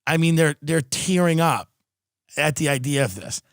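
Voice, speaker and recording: A man's voice: a little high, lively intonation, normal speed, creaky, no room sound, clean studio sound. A male comedian and podcast host delivering a profane, sarcastic political rant.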